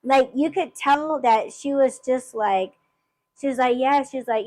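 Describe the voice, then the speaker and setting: A woman's voice: high voice, animated, normal speed, darkish tone, no echo, rough recording. A woman hosting a podcast, telling a story in casual chat, swearing freely and rambling with lots of fillers. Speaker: podcast host.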